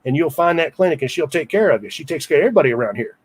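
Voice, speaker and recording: A man's voice: on the high side, expressive, racing, husky. A man voicing a big bearded rural shopkeeper, giving folksy directions.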